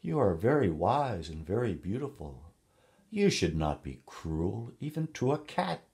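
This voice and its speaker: A man's voice: deep voice, animated, a little mellow. A man reading aloud and voicing a proud, sly male cat who pleads and boasts in a raised voice. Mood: proud, pleading. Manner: pleading then haughty, raised and quickened.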